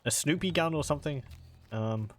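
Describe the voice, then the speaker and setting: A man's voice: on the high side, normal speed, slight background noise. A man hosting a casual let's-play, chatting and rambling as he plays and often correcting himself. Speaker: gaming video host. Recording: faint game music behind.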